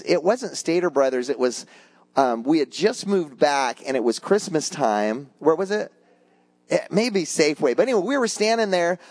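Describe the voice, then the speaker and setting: An older man preaching a conversational sermon, telling anecdotes to his congregation. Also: a little high. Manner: animated storytelling, acts out voices in anecdotes; conversational, addresses congregation as guys. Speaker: pastor.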